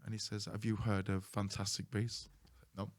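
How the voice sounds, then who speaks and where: Deep gravelly guy, chatty podcast host telling stories. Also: little pitch movement, fairly quick. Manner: chatty, laughs through his anecdotes, swears casually. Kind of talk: casual storytelling chat.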